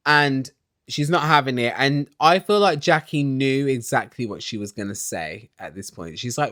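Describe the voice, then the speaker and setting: Brief: sassy young guy doing a gossip recap, mid-pitched, dry close mic. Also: animated, moderate pace, fairly bright tone, no room sound. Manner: catty, sarcastic, chatty. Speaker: recap vlogger. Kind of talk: casual TV recap.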